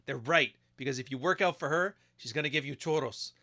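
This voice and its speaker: A man's voice: on the high side, a little fast, hardly any pauses, bright, forceful tone. A man giving crude, mocking casual commentary while reacting to videos. He keeps acting out quoted voices.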